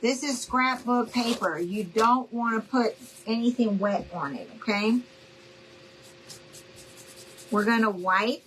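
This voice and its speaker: A middle-aged woman leads a relaxed live craft lesson, talking to her viewers in a chatty, friendly way. She takes her time with each step, and the words come out unhurried. A faint hum sits underneath. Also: on the high side, poor audio. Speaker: craft tutorial host. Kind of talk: casual live crafting demo.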